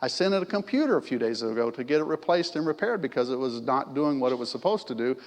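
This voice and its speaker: A man's voice: medium pitch, lively intonation, fast. A middle-aged man preaching a sermon in a church, talking conversationally and asking the congregation questions. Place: church sanctuary. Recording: long church reverb.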